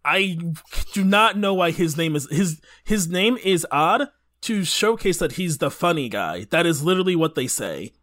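A man's voice: on the high side, very animated, normal speed, a bit bright. A man chatting casually as a podcast guest, rambling through fillers and tangents. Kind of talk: casual chat.

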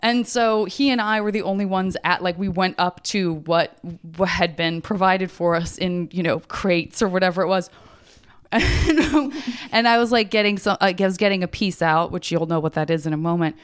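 A woman's voice: on the low side, normal speed, clean tone. A woman hosting a podcast, chatting playfully and casually with lots of fillers. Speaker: podcast host. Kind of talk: casual interview chat.

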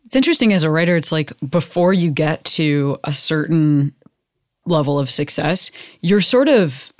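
A woman's voice: sits low, animated, normal speed, no room sound, studio quality. A woman hosting a podcast interview, asking questions in a loose, casual way. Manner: loose, conversational questioning with fillers. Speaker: podcast host.

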